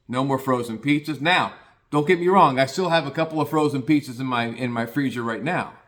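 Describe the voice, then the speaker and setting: A man's voice: mid-range voice, a bit bright. Plainspoken older man telling a rambling story. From Cincinnati area, US. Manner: rambling, plainspoken, frequent restarts, swears casually. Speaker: podcaster. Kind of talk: casual personal monologue.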